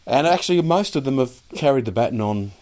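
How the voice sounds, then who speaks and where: A man's voice: medium pitch, lively intonation, quick pace, darkish tone. A middle-aged man with an Australian accent hosting a podcast, chatting casually in a rambling, hesitant way. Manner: rambling, hesitant, many fillers and restarts. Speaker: podcast host. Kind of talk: casual conversational interview.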